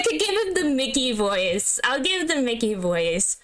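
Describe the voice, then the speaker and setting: A woman's voice: on the high side, sing-song, measured pace, few pauses, fairly bright tone. A young woman giving casual, giggly, playfully dramatic commentary while playing a visual novel. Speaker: game streamer. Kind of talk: casual let's-play commentary.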